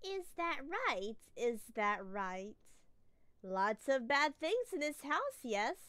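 An eerie old village woman from a horror game, speaking slowly and ominously, as a woman reads her lines aloud. The voice sits fairly high and moves around a lot in pitch. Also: sing-song, a bit bright, smooth, no echo, heavily acted. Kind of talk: reading game dialogue aloud.

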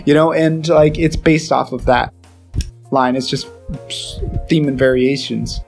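A man's voice: mid-range voice, fairly even intonation, a little slow, gravelly, a little mellow, faint music behind. A young man chatting casually as a podcast co-host, rambling with lots of fillers and scatting melodies aloud. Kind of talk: casual chat.

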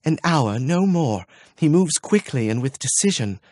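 A man voicing a timid, wistful young princess in an audiobook, speaking in a soft, husky half-whisper. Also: a little high, big pitch swings, a little slow, dry recording, clean studio sound, voice pushed up. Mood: earnest.

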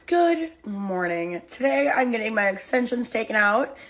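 A woman's voice: fairly high pitch, lively intonation, normal speed, few pauses. A young woman making a comedic phone vlog at home, giggly and dramatic, squealing in mock pain. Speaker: comedy content creator.

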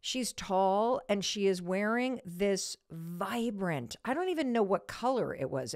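Woman, middle-aged, podcast host, lively storytelling, dry close sound. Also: smooth, no room sound. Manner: animated, gushing, acts out quotes in a high voice. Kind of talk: casual storytelling.

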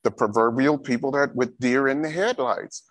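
A man's voice: mid-range voice, normal speed. A man giving a church safety training talk, repeating key instructions and telling a personal story.

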